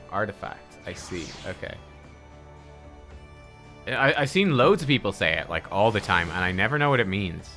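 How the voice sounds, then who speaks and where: A man's voice: fairly low pitch, pushed and bright. A man giving casual let's-play commentary as a gaming streamer, chatty, swearing and laughing easily. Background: faint game music.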